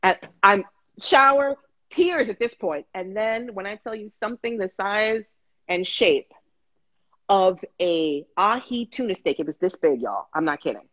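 A woman guest telling her story in casual, animated chat, with frequent restarts, over a video call. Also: medium pitch, a little slow, dull audio. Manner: animated, restarts, acts out quotes.

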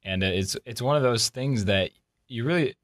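A young man hosting a casual college podcast, relaxed and rambling with lots of fillers. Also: mid-range voice, moderate pace, dry recording. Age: young adult. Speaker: podcast host. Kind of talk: casual chat. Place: college campus.

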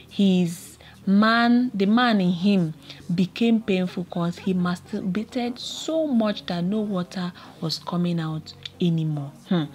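A woman's voice: lowish voice, darkish tone, low-quality recording. A woman hosting a gossip channel, talking dramatically and straight to her viewers. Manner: dramatic, addresses viewers directly. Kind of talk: chatty vlog commentary.

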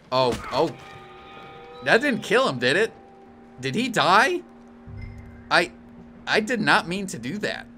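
A young man commenting as he plays a video game, jokey and animated, yelping and apologizing loudly as things go wrong. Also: fairly high pitch, slight background noise. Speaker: streamer playing a video game. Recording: faint game music behind.

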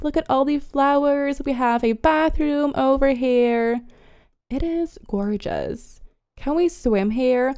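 A woman with a high voice talks through a game in a relaxed, unhurried way. She sounds sick and congested, and she gasps and squeals whenever something cute appears. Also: clean tone. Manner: excitable, gasping and squealing over cute things. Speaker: gaming video creator. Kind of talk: casual let's-play commentary.

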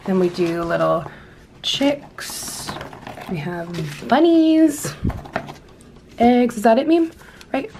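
A woman's voice: on the high side, steady tone, takes it slowly, long pauses, darkish tone, a little hiss or hum. A young woman vlogging in a casual, bubbly, giggly way, saying "like" often. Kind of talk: casual vlog chat.

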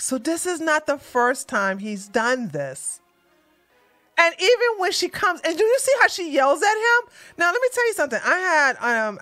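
A woman giving casual, animated reaction commentary as a news vlogger, chatty and often laughing. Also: sits high.

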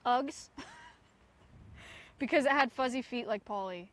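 A woman's voice: sits high, animated, a little slow, pauses often, no room sound. A young woman streaming live outdoors, chatting casually with her chat and coaxing her animals. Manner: chatty, talks to her chat and coaxes goats. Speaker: streamer and sanctuary owner.

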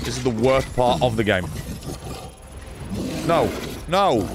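Exasperated streamer, animated. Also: male voice, mid-range voice, drawn-out words, long pauses, noisy background. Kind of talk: gaming commentary.

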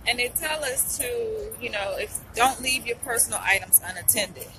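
A woman's voice: fairly high pitch, normal speed, background noise. A young woman, venting in a casual vlog. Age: young adult. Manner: upset, venting, says y'all a lot. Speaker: vlogger.

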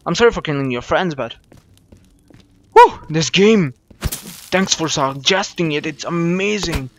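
Young man, gameplay commentary, excitable and jumpy, slightly high voice, faint background hiss. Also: unhurried. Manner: excitable, jumpy, swears when startled. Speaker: gaming YouTuber. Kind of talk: first-play horror game commentary.

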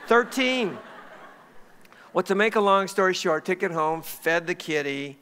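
A man's voice: high voice, moderate pace, clean tone. A middle-aged man preaching a sermon, telling a personal story with self-mocking humor in a church sanctuary. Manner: self-mocking, animated anecdote. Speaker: pastor. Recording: echoey hall.

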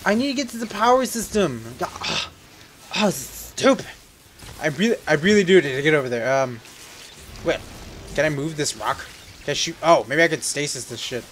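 A man giving casual let's play commentary, joking and rambling, with sudden loud yelps, while sick. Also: a little high, expressive, a little fast, a little hiss or hum. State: sick, on medication.

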